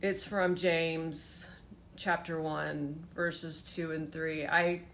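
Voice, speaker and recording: A woman's voice: sits low, level tone, drawn-out words, a bit bright, slight background noise. A woman in her forties telling a personal story in a heartfelt, rambling way with many fillers, tearful at times. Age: 40s. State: tearful, emotional.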